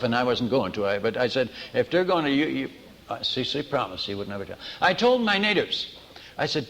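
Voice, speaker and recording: A man preaching as a missionary, telling stories in a lively sermon, acting out the people in them and often restarting his sentences. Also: fairly high pitch, normal speed, in a large hall. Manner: animated, acts out dialogue, many restarts. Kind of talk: storytelling sermon.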